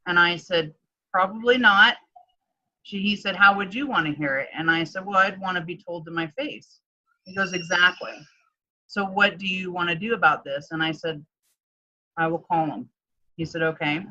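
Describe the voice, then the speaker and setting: A woman coach telling a personal story in a casual interview, animated and chatty, often acting out what others said. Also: fairly low pitch, moderate pace, highs cut off. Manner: animated, acts out quoted dialogue, frequent "like". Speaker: guest, transformation coach.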